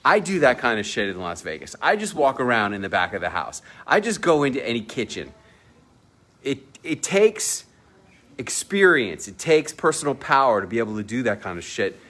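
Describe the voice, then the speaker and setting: A man at an ordinary pitch recounts a personal story to the camera in a loose, casual way. He talks emphatically and boastfully, drops in casual swearing, and slips into the voices of the people he quotes. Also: very animated, normal speed, a bit bright. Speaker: entrepreneur telling a personal story. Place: at a villa at sunset.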